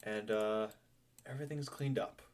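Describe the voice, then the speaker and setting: A man's voice: on the low side, steady tone, moderate pace, darkish tone. A young man running a tabletop game as game master, chatty and loose, laughing and swearing casually.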